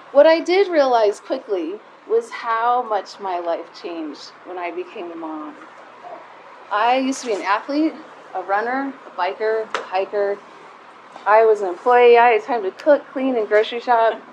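A woman's voice: a little high, a little mellow, slight background noise, poor audio. A middle-aged woman giving a heartfelt, conversational personal talk to a live group of mothers, close to tears at times.

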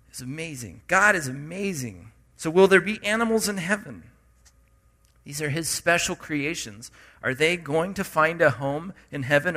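A middle-aged man giving a conversational, animated sermon, joking with his audience between scripture readings. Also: on the high side. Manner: conversational and animated, with jokes and asides. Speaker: pastor.

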